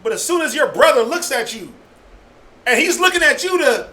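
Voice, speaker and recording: A man's voice: very high-pitched, big pitch swings, moderate pace, pushed and bright, poor audio. A man speaking passionately in a group discussion, acting out the people he quotes and laughing often. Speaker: discussion participant.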